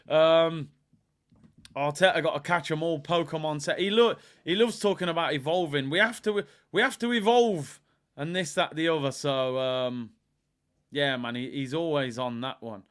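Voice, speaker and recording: A man hosting a live fan stream, ranting in an animated, outspoken way and now and then breaking into song. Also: on the high side, normal speed. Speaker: fan channel host.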